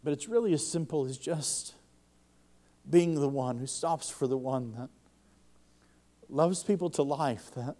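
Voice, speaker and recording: A man preaching a sermon to a congregation, fervent, and his voice rises loud when he quotes others. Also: a little high, unhurried.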